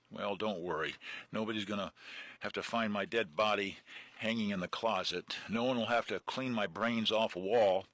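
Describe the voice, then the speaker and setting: A man's voice: fairly low pitch, bright, forceful tone, dry recording. A man reading as a desperate young man. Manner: tense and earnest pleading. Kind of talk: reading a book aloud.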